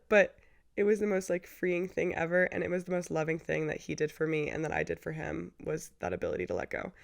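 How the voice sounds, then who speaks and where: Low, gravelly young woman telling her story. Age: 20s. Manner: chatty and emotional, lots of "like" and "you know". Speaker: podcast host. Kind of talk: candid personal storytelling.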